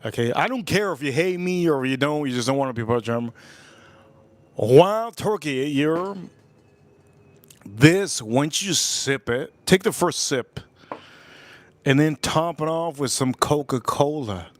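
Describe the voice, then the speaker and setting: A jet-lagged man talks loosely to his livestream viewers, repeating himself and cursing casually. His voice sits a little high for a man. The sound is dry and close, with no room echo. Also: expressive, unhurried, long pauses. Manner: loose, repetitive, swearing, calls out to viewers. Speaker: livestream host.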